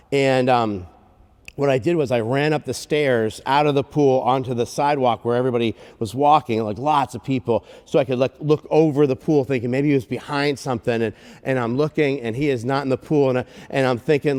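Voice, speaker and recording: A man's voice: medium pitch, big-room sound. A man preaching a sermon, telling a story with lots of restarts and acting out the dialogue. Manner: animated, halting restarts, acts out dialogue. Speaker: guest pastor. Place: church sanctuary.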